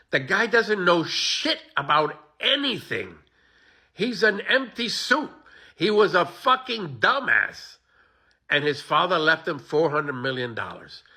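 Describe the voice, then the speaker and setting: A man's voice: high-pitched, pushed and bright, slightly rough. A man ranting to his phone camera, profane and exasperated, with bitter laughter running through his talk. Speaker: social media poster.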